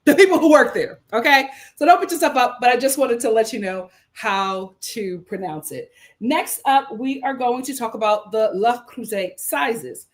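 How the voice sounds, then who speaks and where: A woman's voice: a little high, moderate pace. Chatty American woman livestreaming. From United States. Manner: chatty, upbeat, lots of fillers and asides. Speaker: lifestyle streamer. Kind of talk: casual livestream chat.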